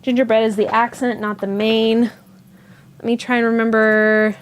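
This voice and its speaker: A woman's voice: fairly high pitch, flat delivery, normal speed. A woman hosting a yarn shop livestream, chatting casually, thinking aloud and answering viewer comments as she goes. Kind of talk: casual live-stream chat.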